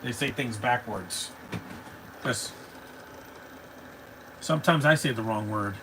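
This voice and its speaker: A man's voice: mid-range voice, slow pace, bright, forceful tone, slight background noise, rough recording. A man hosting a live stream, chatting casually and rambling as he reacts to a cartoon and answers his chat. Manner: chatty, rambling, laughs easily, talks back to chat.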